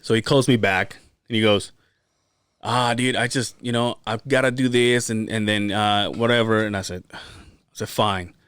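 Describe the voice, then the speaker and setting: A man's voice: fairly low pitch, moderate pace, clean tone, no echo, studio quality. A man hosting a podcast, telling stories in casual chat with lots of swearing and acted-out quotes. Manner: profane, animated storytelling with acted-out quotes. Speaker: podcast host.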